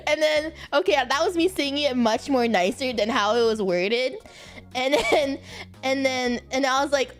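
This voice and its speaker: A young woman streaming casual chat, giggling often and breaking into high laughter. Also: a little slow, soft background music. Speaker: VTuber streamer.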